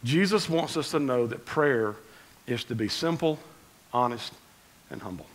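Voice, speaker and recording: A man preaching a conversational sermon as pastor, swinging between loud emphasis and quiet asides. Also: medium pitch, lively intonation, a little slow, a little hiss or hum, rough recording.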